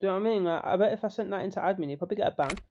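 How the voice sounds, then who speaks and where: A man's voice: sits high, very fast, a little mellow, slight background noise. A young man telling a heated, sweary story in casual chat. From northern England. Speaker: online roleplay gamer. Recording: muffled faulty mic.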